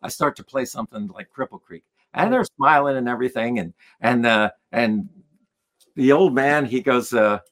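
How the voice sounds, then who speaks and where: Animated male storyteller, lively voice. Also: mid-range voice, normal speed, faint music behind. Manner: animated, acts out the voices of people in his stories. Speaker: guest musician. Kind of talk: storytelling in a conversation.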